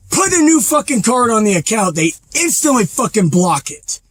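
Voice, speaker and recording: A man's voice: sits high, sing-song, slow pace, creaky, long pauses, husky. A man driving a truck, talking casually to the camera and ranting angrily with constant swearing. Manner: angry, profane ranting. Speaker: truck driver. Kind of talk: casual vlog rant while driving. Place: truck cab on the road.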